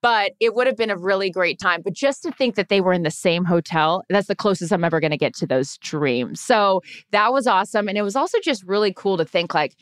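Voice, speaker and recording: A woman co-hosting a podcast, chatting casually and telling a long story with lively asides. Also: medium pitch, fairly quick, hardly any pauses, clean tone, dry recording, clean studio sound. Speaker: podcast co-host. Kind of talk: casual chat.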